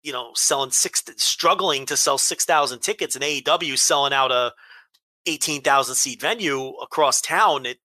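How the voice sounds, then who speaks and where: A man venting with heat and plenty of swearing as he co-hosts a casual podcast. His voice is bright and sharp, and the sound is dry and close, with no room around it. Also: medium pitch, normal speed, no echo. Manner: heated, profane ranting. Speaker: podcast co-host. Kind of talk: casual chat.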